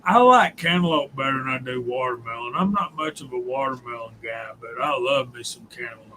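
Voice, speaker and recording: A man's voice: mid-range voice, animated, a little fast, bright, forceful tone, slight background noise, poor audio. A man joking casually as a guest on a livestream.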